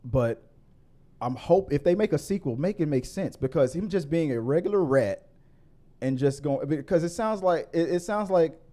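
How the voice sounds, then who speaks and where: A man hosting a casual movie review podcast, rambling with many restarts and getting more animated as he argues his point. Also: normal speed. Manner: grows animated and higher when arguing. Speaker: podcast host.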